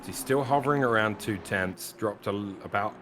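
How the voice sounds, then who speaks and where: Low-voiced co-commentator getting over a cough. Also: male voice, normal speed, music in the background. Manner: jokey, banters with co-host. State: recovering from a cough. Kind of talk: live race commentary.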